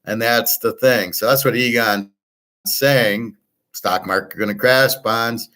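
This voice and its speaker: A man's voice: mid-range voice, slow, pushed and bright. A man hosting his own show, talking in a blunt, profane, rambling way with a Detroit accent. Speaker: show host. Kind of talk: casual monologue.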